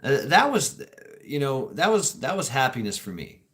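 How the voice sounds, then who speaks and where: A man's voice: mid-range voice, very animated, moderate pace, a bit bright. A man hosting a casual livestream, musing aloud in a rambling way, often repeating his words and laughing between thoughts. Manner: reflective, joking, swears casually. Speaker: livestream host reading chat comments.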